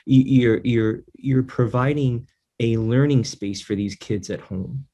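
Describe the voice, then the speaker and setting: A man co-hosting a podcast, speaking in a halting, heartfelt way with many fillers. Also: mid-range voice, mellow, muffled recording. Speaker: podcast co-host. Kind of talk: casual podcast chat.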